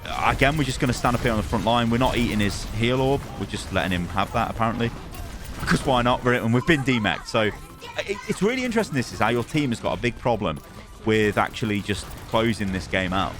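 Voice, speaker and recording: A man's voice: mid-range voice, lively intonation, quick pace. Exasperated man coaching over replays. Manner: exasperated, fires repeated rhetorical questions. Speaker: coach reviewing gameplay replays. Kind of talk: gameplay coaching commentary.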